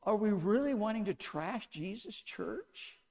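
A man's voice: high-pitched, expressive, a little slow, gravelly, a little mellow. A man preaching a sermon to a congregation, asking them one question after another with an emphatic delivery. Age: older.

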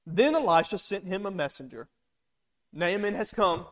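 A man's voice: high-pitched, expressive, moderate pace, a bit bright. A man preaching a sermon in a conversational way, acting out the lines of the people in the story. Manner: conversational, acts out quoted lines.

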